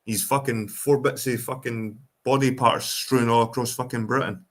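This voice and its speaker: A man's voice: mid-range voice, fairly even intonation, normal speed. Sweary Scottish man ranting on a livestream. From Scotland. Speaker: livestream host. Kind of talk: casual ranting livestream chat.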